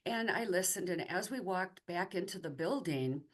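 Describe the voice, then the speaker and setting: Guest, middle-aged woman, lower register; halting, conversational testimony. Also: expressive. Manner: conversational, halting with fillers and restarts. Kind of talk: personal faith testimony told as a story.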